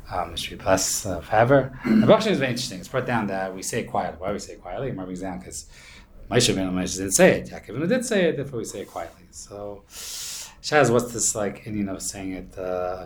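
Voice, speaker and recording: A man's voice: low-pitched, lively intonation, fairly quick, a little hiss or hum. A man teaching an informal Torah class, explaining in a loose, rambling way with many fillers and Hebrew terms.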